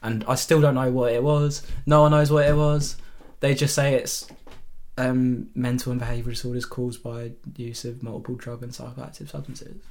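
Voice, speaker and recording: A young man, chatting on a podcast in a halting way, with lots of fillers and laughs. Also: medium pitch, little pitch movement, darkish tone. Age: young adult. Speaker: podcast co-host. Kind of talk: casual chat.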